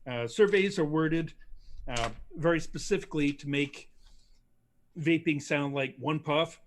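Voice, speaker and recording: A man's voice: on the high side, a little slow, a little hiss or hum. A man co-hosting a casual livestream chat, opinionated, telling stories and mimicking other people's voices. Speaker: co-host.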